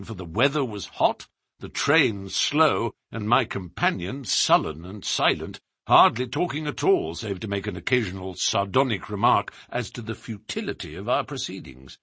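A man narrating a story aloud in a measured, expressive reading. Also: mid-range voice, breathy edge, no echo, clean studio sound. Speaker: audiobook reader. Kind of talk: scripted narration.

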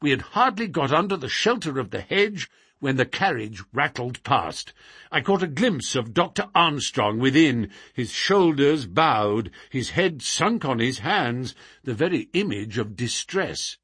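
A male narrator reads classic fiction aloud with expressive, dramatic delivery. His slightly husky voice swings widely in pitch, and the recording is dry and close. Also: measured pace, no room sound. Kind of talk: audiobook reading of classic fiction.

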